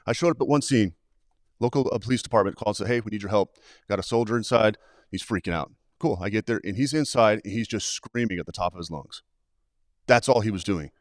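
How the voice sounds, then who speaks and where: A man's voice: fairly low pitch, fast talker, no echo, studio quality. A man who trains people in suicide prevention, talking as a guest on a live show and telling stories animatedly, acting out the dialogue. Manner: animated, acts out quoted dialogue.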